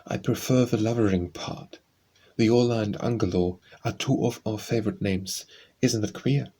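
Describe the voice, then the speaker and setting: A man's voice: on the low side, moderate pace, warm tone, close to an everyday voice. A man reading the lines of a proper, somewhat condescending eldest sister in an audiobook.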